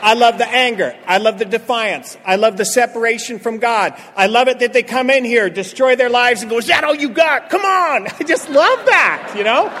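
A middle-aged man telling a funny story at a recovery meeting, full of jokes and lively. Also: very high-pitched, normal speed, few pauses, slight background noise. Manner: joking, animated storyteller. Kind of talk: humorous recovery talk to a live audience. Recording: echoey hall with faint crowd laughter.

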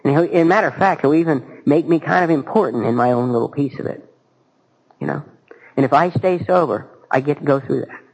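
A man's voice: a little high, fairly quick, gravelly, a little mellow, low-quality recording. A man speaking at a recovery meeting, telling a personal story in an earnest, folksy and candid way.

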